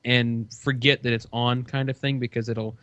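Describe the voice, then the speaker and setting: A man's voice: mid-range voice, little pitch movement, moderate pace, a bit bright, no echo. A man in casual podcast chat, telling a long story with plenty of "you know" and "uh". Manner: rambling storytelling, many fillers. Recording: dull dry lo-fi sound.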